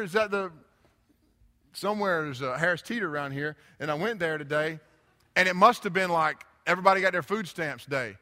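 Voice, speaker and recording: A high-pitched man with a bright, forceful tone preaches as a pastor in church, spinning casual, digressive, funny stories. He uses a handheld or stand mic, and the recording has the reverberation of a church hall.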